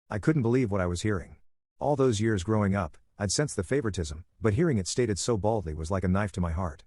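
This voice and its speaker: Low-voiced man reading a story. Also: fast talker, a little mellow, no echo, studio quality. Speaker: story narrator. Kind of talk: first-person story narration.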